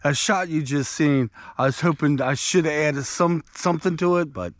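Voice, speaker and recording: A man's voice: a little high, moderate pace, dry recording. A man vlogging outdoors on a country walk, telling a rambling, conversational story to his viewers. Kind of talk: casual storytelling while walking.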